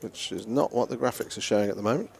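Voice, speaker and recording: A man's voice: on the low side, fast, gravelly, a little mellow, a little hiss or hum. A man with an English accent commentating live on a poker game, chatty and joking between hands.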